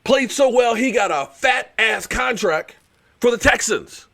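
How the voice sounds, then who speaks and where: A man ranting on his live stream about football, sitting high in his register and swinging his pitch all over. He sounds fired up and sarcastic, mocking his rivals and hammering his points home by repeating himself. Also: expressive, a little slow, creaky, a bit bright. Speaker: show host and former pro football player. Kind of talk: heated live-stream sports rant.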